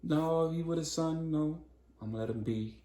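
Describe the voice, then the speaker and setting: A man's voice: on the high side, moderate pace, mellow, roomy sound. A man casually recapping a story, in loose, slangy conversational talk.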